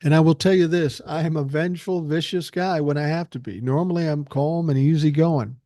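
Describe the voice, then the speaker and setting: A man's voice: a little high, fairly even intonation, brisk, warm tone, no echo. An older man hosting a podcast, delivering a blunt, profane and angry political monologue into a close mic. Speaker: podcast host.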